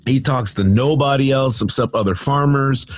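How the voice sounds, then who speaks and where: A man's voice: medium pitch, normal speed, no echo. A man hosting a casual news show from his home studio, reading odd stories and breaking off into sarcastic, rambling asides. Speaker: podcast host reading news.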